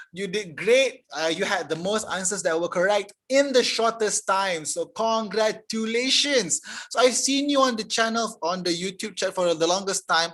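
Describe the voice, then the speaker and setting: Guy teaching english online, fairly high voice, chatty and friendly, keeps restarting his sentences. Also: fairly bright tone. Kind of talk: live online tutorial.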